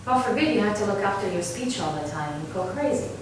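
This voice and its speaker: A woman from Argentina, coaching a choir workshop, talks fast and animatedly at medium pitch against a noisy background. She is captured from afar in a reverberant room, singing example sounds demonstratively and frequently adding "right?".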